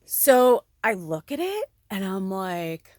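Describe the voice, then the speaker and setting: A woman's voice: medium pitch, sing-song, slow pace, dry recording, studio quality. A woman who works as a spiritual medium, talking to her viewers in a casual, rambling way. She fills her talk with fillers and laughter and swears freely. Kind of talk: casual rambling monologue to camera.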